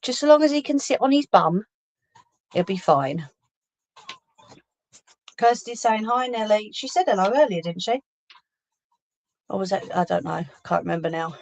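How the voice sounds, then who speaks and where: A woman's voice: mid-range voice, expressive, normal speed, gravelly, long pauses, darkish tone. A woman hosting a live sewing stream, chatting casually, teasing her viewers and reading out their comments. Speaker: craft livestream host.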